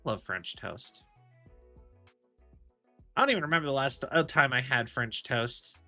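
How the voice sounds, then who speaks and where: Faint music plays behind a game streamer whose voice is medium-pitched, bright and forceful. He talks fast and animatedly, rambling through casual chat with many laughs and restarts.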